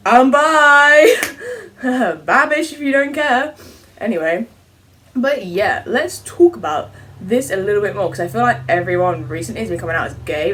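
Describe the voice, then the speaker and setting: A woman's voice: fairly low pitch, far from the mic. A teenage girl from England with an English accent, chatting to camera in a casual, self-mocking vlog. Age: teens. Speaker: vlogger.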